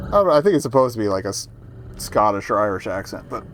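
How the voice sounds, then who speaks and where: Low-key wry male game streamer. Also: animated, fast, a little hiss or hum. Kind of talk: casual let's-play commentary.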